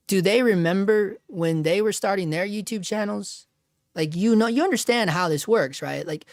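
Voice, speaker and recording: A man's voice: fairly high pitch, dry recording, studio quality. Upbeat man rambling on a livestream. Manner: rambling and joking, often laughing at himself. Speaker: livestream host. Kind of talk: casual live-stream chat.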